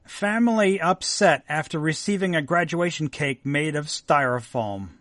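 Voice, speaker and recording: A man's voice: on the high side, moderate pace, fairly bright tone, no room sound. A man co-hosting a podcast who reads out odd news stories in casual chat and adds wry, dry asides. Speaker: podcast co-host.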